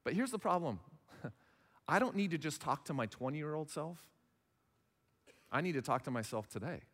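A man's voice: fairly high pitch, lively intonation, normal speed, a bit bright, long reverb tail. A man in his thirties preaching a sermon as pastor, conversational, acting out little dialogues. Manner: conversational, acts out little dialogues in other voices.

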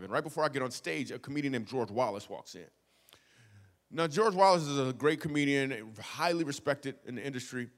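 A young man from Michigan performs a stand-up comedy story with playful, animated energy, dropping to quiet asides and then rising into loud outbursts. His voice sits a little higher than most men's. A long reverb trails his words, as if he is heard across a big hall.

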